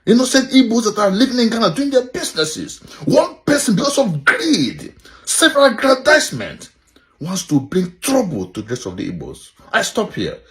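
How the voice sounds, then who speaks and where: A man delivering an angry, scolding rant, his voice jumping up and down in pitch. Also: wildly swooping pitch, normal speed. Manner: scolding, with sharp rises and drops in pitch. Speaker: commentator in a played clip.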